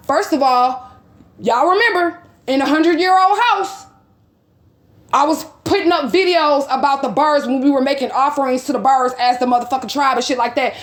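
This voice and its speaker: A woman from St. Louis vents to her viewers in a vlog. Her voice sits a little high, and she is agitated and blunt, swearing freely. She punches her points home with repeated "okay?" checks. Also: normal speed. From St. Louis, USA. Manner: blunt, profane and emphatic, with frequent "okay?" asides. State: upset and agitated. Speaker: vlogger. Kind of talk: emotional vlog recounting old messages.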